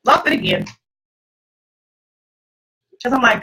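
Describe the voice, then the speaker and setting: A middle-aged woman, host, telling her personal testimony to an audience in an emphatic, preacherly way, with a husky voice. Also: fairly high pitch, moderate pace, pauses often, sharp tone, low-quality recording.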